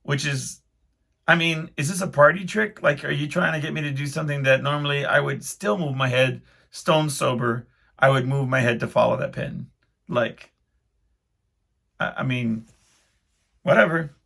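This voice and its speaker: A man's voice: on the high side, steady tone, normal speed, creaky, long pauses, bright, forceful tone. A man hosting his own podcast, telling a rambling, self-deprecating story in casual speech full of restarts. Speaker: podcast host.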